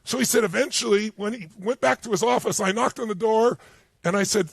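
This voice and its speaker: High-voiced, emphatic male motivational speaker. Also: a little fast, creaky, breathy edge, dry recording. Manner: emphatic, animated storytelling. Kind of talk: motivational seminar speech. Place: stage before a live audience.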